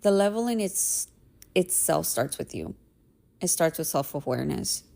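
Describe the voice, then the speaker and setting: A woman's voice: low voice, lively intonation, normal speed, gravelly, mellow. A woman in her thirties hosting a podcast, telling a personal story in a candid, emphatic way, swearing freely and often asking "right?". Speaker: podcast host. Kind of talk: casual storytelling monologue.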